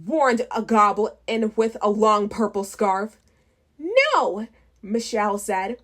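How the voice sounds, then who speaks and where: A woman reading a children's storybook aloud, unhurried, with small restarts. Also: mid-range voice, little pitch movement, fairly bright tone. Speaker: children's book reader.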